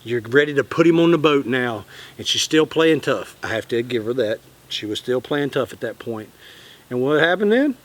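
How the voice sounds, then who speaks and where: A man, telling a fishing story in a casual, animated way and acting out the quotes. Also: mid-range voice, moderate pace. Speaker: channel host.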